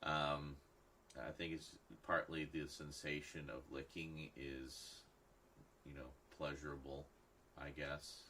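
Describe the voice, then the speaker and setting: A man's voice: extremely low pitch, flat delivery, takes it slowly, bright, forceful tone, slight background noise. A man hosting a late-night livestream, chatting casually with viewers and rambling with many restarts. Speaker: livestream host. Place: home at night.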